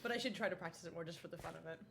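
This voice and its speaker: A woman's voice: lowish voice, very fast, creaky, fairly bright tone, husky, faint music behind. A woman chatting casually with her partner, giggly and a little self-conscious. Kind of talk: casual chat.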